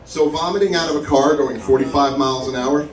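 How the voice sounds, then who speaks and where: A man telling a stand-up story at a comedy club open mic, acting out the people he quotes with big jumps in his voice. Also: brisk. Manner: animated, acts out quotes with big pitch jumps. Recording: echoey room, mic from far, crowd audible. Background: audience laughing.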